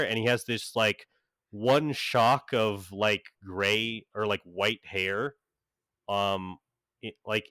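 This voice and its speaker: A man's voice: fairly low pitch, sharp tone, clear, resonant tone, no room sound, clean studio sound. A man running a tabletop game as game master, narrating in a rambling way full of fillers and restarts.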